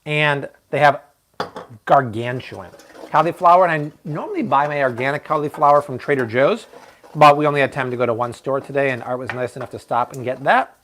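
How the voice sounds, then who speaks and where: A man's voice: mid-range voice, a little fast, a bit bright, slight background noise. A man hosting a live cooking show from his kitchen, chatty and playful as he talks through each step and jokes with viewers. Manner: chatty and playful, joking with the chat. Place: home kitchen.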